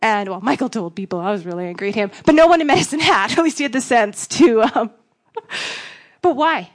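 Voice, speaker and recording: Woman youth pastor telling her story, kinda high voice, blunt and self-mocking. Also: animated, fairly quick. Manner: frank, self-deprecating, acts out dialogue. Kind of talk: candid personal testimony talk.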